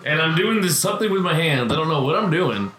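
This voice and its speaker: A man's voice: fairly high pitch, expressive, fast, a bit bright, echoey room, a little hiss or hum, poor audio. Sheepish man laughing at himself. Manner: sheepish, self-mocking storyteller. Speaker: podcast co-host. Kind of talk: casual chat.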